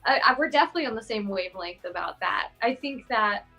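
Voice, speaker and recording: Bright-voiced woman reviewing a song. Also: a little high, quick pace, soft background music. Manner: thoughtful, animated, filler-heavy. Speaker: panel guest music reviewer. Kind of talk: casual music review chat.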